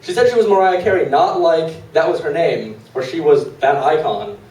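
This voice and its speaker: A man's voice: fairly high pitch, normal speed, darkish tone. A young man of twenty telling comic stories at an open mic in a small venue, in a loose, rambling way with lots of fillers. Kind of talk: live comic storytelling. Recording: roomy live room, distant mic.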